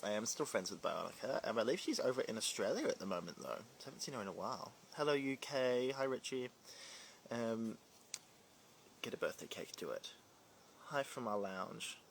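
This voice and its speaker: Kiwi man with a faint British twang, casual livestream Q&A, gravelly tone, faint hiss behind. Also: lowish voice. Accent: New Zealand with a slight British twang. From New Zealand. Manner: chatty, playful, scattered, reads comments aloud. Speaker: drag performer reading live comments.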